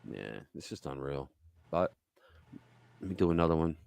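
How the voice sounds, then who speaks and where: A man hosting a casual political chat show, talking bluntly and crudely with lively storytelling. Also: sits low, moderate pace, pauses often, no room sound. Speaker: show host.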